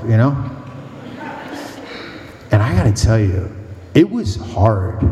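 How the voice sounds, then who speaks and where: A man preaches a mission talk as a priest, telling anecdotes with rhythmic repetition and a lively delivery. His voice is mellow and warm. It rings through a church hall with a long reverb. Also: on the low side, normal speed, long pauses, slight background noise.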